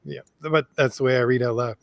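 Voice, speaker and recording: A man in casual podcast chat, relaxed and chuckling, trading quick stories. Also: mid-range voice, creaky, no echo.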